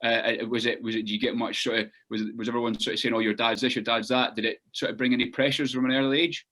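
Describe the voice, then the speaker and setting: A Scottish man hosting a podcast, talking in a halting, casual way with many fillers and restarts. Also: mid-range voice, level tone, a bit bright. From Scotland. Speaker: podcast host. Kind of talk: casual interview chat.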